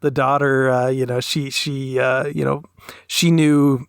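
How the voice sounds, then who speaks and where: A man's voice: medium pitch, little pitch movement, unhurried, creaky, clear, resonant tone, dry recording, studio quality. A man co-hosting a podcast, talking in a thoughtful, analytical way with long, winding sentences. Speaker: podcast co-host. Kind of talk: casual podcast discussion.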